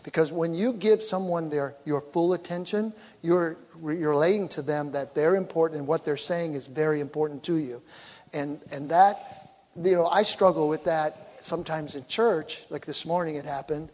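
High-voiced man preaching in a hall. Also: normal speed, a little mellow. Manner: conversational, acts out quoted voices. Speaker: pastor. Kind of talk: sermon on communication. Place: church. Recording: long reverb of a hall.

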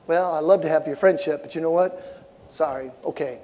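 Animated preacher in a big reverberant hall. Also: male voice, on the high side, normal speed. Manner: animated preaching, shouting peaks, repeated phrases. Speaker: pastor. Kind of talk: sermon. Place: large church sanctuary.

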